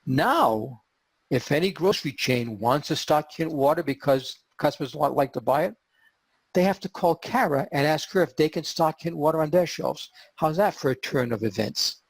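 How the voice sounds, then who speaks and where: A man hosting a podcast and telling a story in an animated way, acting out the quotes. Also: a little high, normal speed, slightly rough, no echo. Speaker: podcast host.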